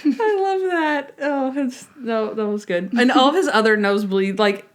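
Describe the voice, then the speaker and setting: A woman's voice: mid-range voice, moderate pace. A woman co-hosting a podcast in casual chat, retelling scenes with lots of acted-out quotes. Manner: animated retelling, acting out scenes in quoted voices. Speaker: podcast co-host.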